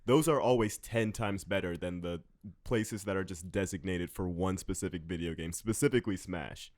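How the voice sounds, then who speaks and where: A man with a low voice co-hosts a casual podcast. He speaks haltingly and fills his sentences with "like." The sound is dry and close. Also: a little mellow, no room sound. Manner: halting, filler-heavy, trails off.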